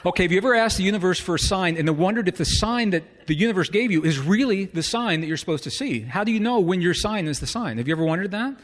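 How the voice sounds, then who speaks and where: A man's voice: high-pitched, expressive, fast talker, few pauses. A middle-aged man telling a personal story to a live audience in an earnest way, often asking the listeners rhetorical questions. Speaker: speaker. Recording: long hall reverb.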